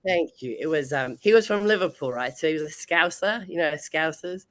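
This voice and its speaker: Woman guest, talkative, quick to laugh; close, dry sound. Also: sits low, expressive, dry recording. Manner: chatty, laughs often between sentences. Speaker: bodybuilding competitor and guest. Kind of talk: casual interview chat.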